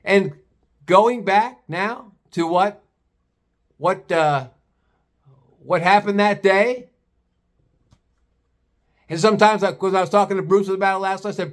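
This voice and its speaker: A man's voice: sits high, unhurried, pauses often. An older man, a retired butcher, telling a story bluntly with plenty of swearing in a casual vlog. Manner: blunt, profane, animated storytelling.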